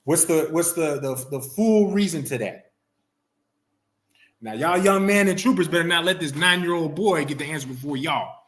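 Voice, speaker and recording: A man as coaxing, bright-voiced class teacher. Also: fairly high pitch. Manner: coaxing, repeats himself, reads scripture slowly. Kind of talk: teaching a class, questioning students.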